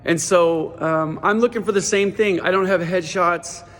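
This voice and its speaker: A man who runs a teen center delivers an audition pitch and stand-up stories in a casual, animated style, constantly saying "dude" and "like." He speaks at a moderate pace, and the recording carries a long, reverberant hall sound.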